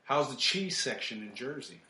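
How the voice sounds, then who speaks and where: A man co-hosts a laid-back podcast chat and drives his points home by repeating them. His mid-pitched voice carries a noticeable roomy echo. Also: animated, normal speed, pushed and bright. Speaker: podcast co-host. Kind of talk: casual chat.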